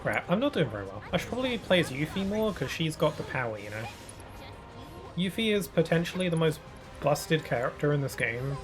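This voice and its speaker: A man's voice: fairly high pitch, sing-song, brisk, over music. A man with a British accent, a gaming streamer, musing casually with rambling fillers while he plays.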